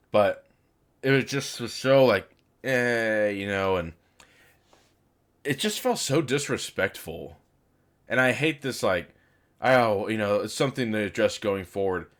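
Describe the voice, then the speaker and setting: A man's voice: lowish voice, a bit bright. A young man in casual, frustrated commentary, rambling with fillers and swearing. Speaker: video game commentator.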